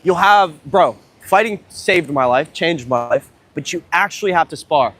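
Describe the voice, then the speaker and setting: Young man, fairly high voice, beach livestream vlog, outdoors, handheld phone mic, profane, excitable, rambling. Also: moderate pace. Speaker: dating coach livestreamer.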